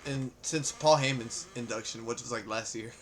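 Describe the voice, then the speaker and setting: A man co-hosting a podcast, bantering casually in slang and laughing easily. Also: mid-range voice. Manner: laid-back slangy banter, quick to laugh. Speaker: podcast co-host. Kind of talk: casual chat about wrestling.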